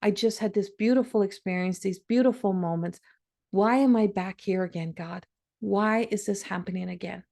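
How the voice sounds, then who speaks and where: A woman's voice: mid-range voice, moderate pace, gravelly, mellow. A middle-aged woman hosting a podcast, telling a personal story in an emotional, conversational way with frequent restarts. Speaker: podcast host.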